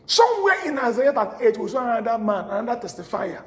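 A man preaching a sermon with great passion, swinging from shouts to low murmurs. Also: sing-song, fast talker, roomy sound.

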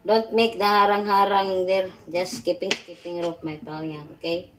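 A woman's voice: fairly low pitch, flat delivery, moderate pace, background noise. A woman hosting a casual live stream while she cooks. She chats playfully, greets and thanks viewers by name, and chuckles often. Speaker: livestream host.

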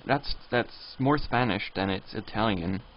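Live-streaming a video game, a man rambles along and reads signs and chat messages out loud. His voice is on the low side and a little slow, and the dull lo-fi stream audio carries a slight hiss or hum.

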